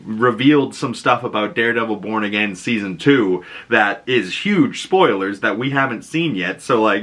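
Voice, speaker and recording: A man hosting a casual trailer breakdown as a YouTube reaction host, talking in an excitable, rambling way full of fillers and laughs. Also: fairly low pitch.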